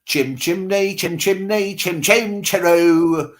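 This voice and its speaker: A man voicing a cheery male London chimney sweep in an exaggerated music-hall London accent, with a sing-song, slowed delivery. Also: high voice. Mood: cheeky.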